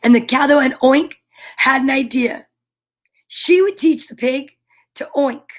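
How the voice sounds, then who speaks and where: A woman's voice: high-pitched, a little slow. A woman reading a children's picture book aloud in a playful way, with animal noises. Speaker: children's storyteller.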